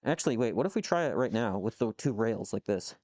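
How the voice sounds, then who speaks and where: A livestreamer with a fairly low, animated, slightly mellow voice speaks at a quick pace while machining in his home workshop with a lathe. He chats casually with viewers, rambling, cursing and answering comments, with no room sound.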